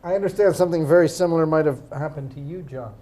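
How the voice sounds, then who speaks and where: High-voiced man hosting with dry wit. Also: fast talker, background noise. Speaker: game show host. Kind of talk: hosting a comedy web show.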